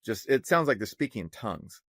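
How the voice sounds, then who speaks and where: A man co-hosting a casual podcast on economics, talking in an animated, sarcastic way and swearing freely. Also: lowish voice, a little fast, no room sound, clean studio sound. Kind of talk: casual opinionated chat.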